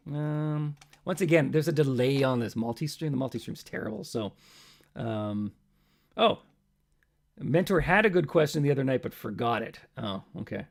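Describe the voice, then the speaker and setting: A man's voice: mid-range voice, animated, moderate pace, creaky. A man hosting a live stream from his home, chatting between songs in a rambling, self-mocking way and muttering to himself.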